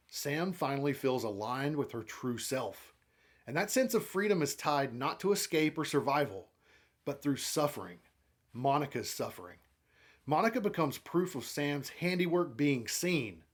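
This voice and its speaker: Man, comic reviewer, recap and analysis, measured, explanatory, fairly high voice.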